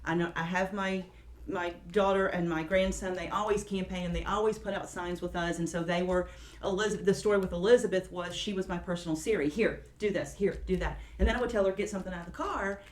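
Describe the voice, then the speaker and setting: A woman's voice: on the low side, steady tone, fast talker. A middle-aged woman on a political round table, telling a story in a casual, chatty way and quoting people as she goes. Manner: chatty, quotes people in her stories. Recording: echoey room.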